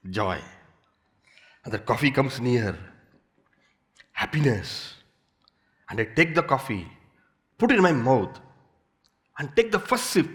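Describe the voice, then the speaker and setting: Speaking slowly with frequent pauses, this spiritual teacher has a fairly low voice and an Indian English accent. His discourse weaves everyday stories with animated, playful repetition.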